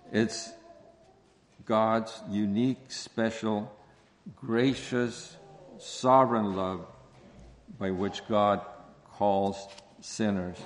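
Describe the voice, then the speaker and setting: A man with a somewhat low voice preaches a sermon at a slow, measured pace. He dwells on key phrases and repeats them for weight. His voice carries a long reverb, as if he were in a large church hall. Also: a little hiss or hum. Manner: slow, deliberate preaching with stressed repetitions. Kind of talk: expository sermon.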